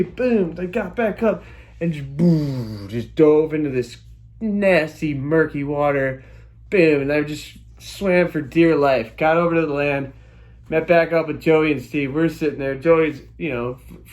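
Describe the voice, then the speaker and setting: A young man telling a childhood story in a casual, animated way, full of sound effects and exclamations. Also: on the high side, normal speed. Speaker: storytelling vlogger.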